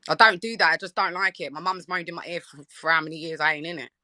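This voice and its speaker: A woman's voice: lowish voice, fairly even intonation, fast, pushed and bright, dry recording. A woman in a heated live debate, insisting on her point and talking over the other speaker. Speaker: guest debating on a live stream.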